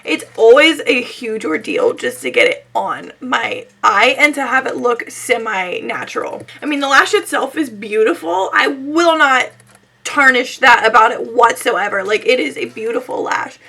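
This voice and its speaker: A woman's voice: on the high side, very animated, moderate pace, bright, forceful tone, slightly rough. A young woman beauty vlogger with a scratchy, sick-sounding voice, chatting casually and self-deprecatingly through a makeup tutorial.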